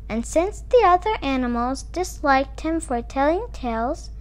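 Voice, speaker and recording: A woman reading a picture book aloud to children, with expressive, animated storytelling. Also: high-pitched.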